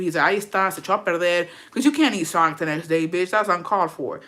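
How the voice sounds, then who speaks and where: Young woman, bright tone, profane and animated casual storyteller who mixes in Spanish. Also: on the low side, rapid-fire, few pauses.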